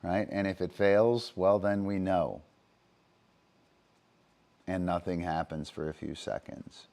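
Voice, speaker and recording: A man with a very deep, low voice talks through his dog-training methods on a livestream. He speaks off the cuff, stopping often to say "um" and to check in with "right?". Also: steady tone, slow pace, gravelly, darkish tone.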